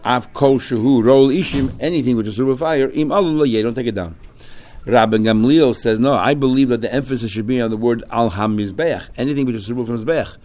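A man's voice: mid-range voice, fast, darkish tone, a little hiss or hum. Male teacher leading a Talmud class, reads the text in a chant, then explains it line by line. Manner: explains line by line, switching between Hebrew terms and English.

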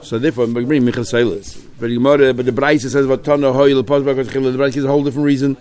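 Male Talmud teacher, lively, keeps asking the class questions. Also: medium pitch, rapid-fire. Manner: lively, mixes Hebrew-Aramaic terms into English, rhetorical questions.

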